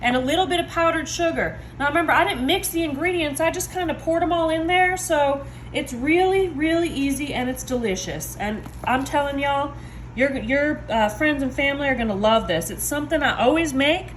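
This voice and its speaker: A woman, showing desserts in her home kitchen in a chatty, excitable way, talking to viewers. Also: sits high, brisk, a little hiss or hum. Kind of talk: casual cooking video. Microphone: phone.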